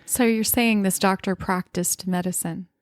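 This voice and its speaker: A woman's voice: mid-range voice, fairly even intonation, moderate pace, dry recording, clean studio sound. A woman co-hosting a podcast, chiming in with short reactions and quips. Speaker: podcast co-host. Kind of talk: casual chat.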